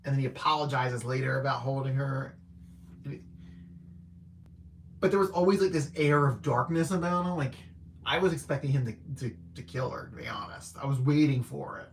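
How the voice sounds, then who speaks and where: A man in a relaxed, mid-pitched voice reviews a film off the cuff. He wanders through his points, hesitates often, and fills the gaps with casual fillers. Now and then he chuckles at his own remarks. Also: normal speed, a little hiss or hum. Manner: rambling and hesitant, heavy use of "like" and "I don't know"; laid-back and conversational. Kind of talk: casual spoken movie review.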